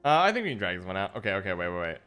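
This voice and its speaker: A man's voice: low-pitched, big pitch swings, very fast, bright, forceful tone, clear, resonant tone, soft background music. A man livestreaming a card game, chatting casually with his viewers in a musing, self-deprecating way. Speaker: streamer. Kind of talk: casual livestream chat while gaming.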